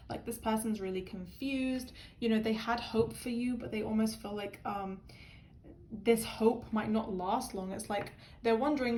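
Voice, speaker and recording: Speaking at a moderate pace in a fairly high, fairly even, slightly mellow voice, a woman does a pick-a-card tarot reading for viewers. She's earnest and emotional, rambling with frequent "um" and "like," over slight background noise.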